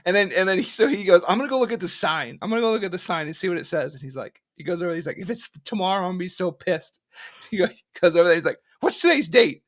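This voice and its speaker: A man's voice: high-pitched, very fast. A man guesting on a casual live stream, telling a story and acting out the quotes. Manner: animated storyteller, acts out quotes.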